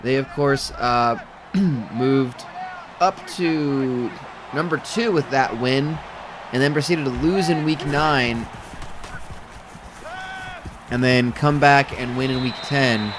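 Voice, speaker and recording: A man's voice: medium pitch, slow, long pauses, background noise. A man calling simulated football games for a stream, rambling and correcting himself as he goes, with dry humor and music playing behind. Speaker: play-by-play commentator. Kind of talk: simulated game commentary over a stream.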